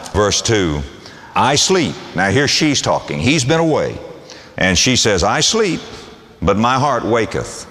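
A man's voice: mid-range voice, fairly bright tone, long reverb tail. A man preaching a sermon, reading old scripture aloud and briefly voicing the people in it. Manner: reads scripture aloud and acts out voices in the text.

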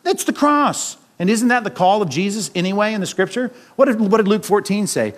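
This sermon comes from a man whose voice is strikingly high, delivered loosely and conversationally with lively intonation. Quick rhetorical questions keep checking in with the congregation, and light chuckles slip in along the way.

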